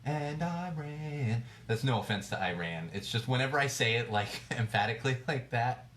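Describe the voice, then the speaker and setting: Speaking a little fast in a medium-pitched, fairly bright voice, a US podcast host rants on his own over a livestream mic. He's casual and blunt, full of swearing, fillers and false starts.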